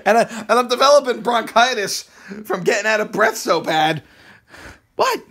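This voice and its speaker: A man's voice: sits high, animated, normal speed, creaky, sharp tone. A man vlogging at home in casual family banter, cracking crude jokes and puffing for breath between lines. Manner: crude joking, breathless from exercise.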